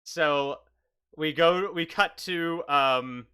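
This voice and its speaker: A man's voice: on the high side, drawn-out words, smooth. A man narrating an improvised tabletop game as game master, laughing often as he tells the scene. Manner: lively, laughing storyteller.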